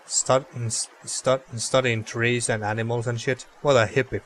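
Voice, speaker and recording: With a medium pitch, fairly bright tone, and fairly even intonation, a man talks a bit slowly as he reads game text during a let's play. His chatter is loose and profane, and he keeps stumbling over words, with slight background noise present.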